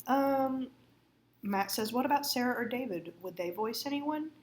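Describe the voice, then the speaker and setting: A woman's voice: fairly high pitch, animated, normal speed, a little mellow, echoey room, slight background noise. A woman co-hosting a live drawing stream, chatting casually, laughing often and telling stories. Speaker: comic artist co-host on a live drawing stream. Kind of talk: casual chat.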